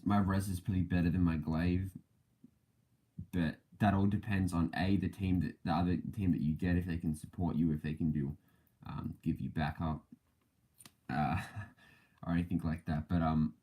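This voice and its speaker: A man's voice: sits low, warm tone. A man hosting a casual podcast livestream, rambling with many fillers and self-corrections and laughing often between thoughts. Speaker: podcast host.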